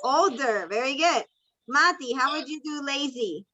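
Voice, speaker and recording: An ESL teacher runs an online English class over dull, lo-fi video call audio, patiently calling on students and encouragingly explaining in both English and Spanish. Her high voice is animated, unhurried, pushed, and bright.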